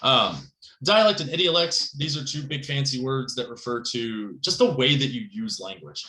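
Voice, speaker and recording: A man giving a recorded writing lecture in a conversational, rambling way, often checking in with "right?" and getting animated on key points. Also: normal speed, reverberant, rough recording. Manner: animated, pitch jumps up on emphasis. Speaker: writing instructor.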